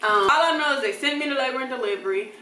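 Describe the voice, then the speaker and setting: A young woman telling a casual, animated storytime and acting out the people she quotes. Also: sits high, racing, roomy sound, far from the mic, a little hiss or hum, poor audio. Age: young adult. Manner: animated, acts out voices in quotes, laughs often. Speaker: vlogger.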